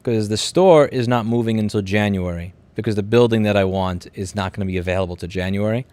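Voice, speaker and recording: With a lowish, darkish, clean voice and no room sound, a livestream host speaks briskly. He's a man in his thirties from Queens, New York City, with a New York accent, bluntly answering the viewer comments he reads aloud, sometimes profanely, rambling and restarting lines.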